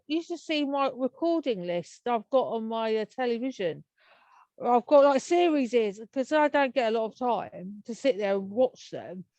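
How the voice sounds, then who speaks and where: A woman's voice: on the high side, no echo. A woman with an English accent, chatting as an interview guest in a rambling, cheerful way and laughing often. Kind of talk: casual interview chat.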